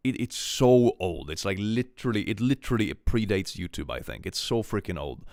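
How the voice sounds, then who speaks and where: A man's voice: on the low side, expressive, moderate pace, vocal fry, a little mellow, no echo, studio quality. A man, casually chatting with his stream and joking as he reads out chat.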